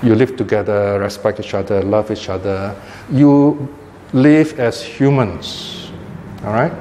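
A man's voice: fairly low pitch, slow pace, dark tone. Older man, Buddhist teacher, chatty informal talk, long hall reverb, faint room noise. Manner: conversational, frequent "you know" and "right?" tags.

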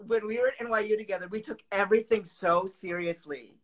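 A man's voice: sits high, quick pace, a loud crowd. A man hosting a casual video call chat, playful and theatrical, teasing his guest. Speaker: host.

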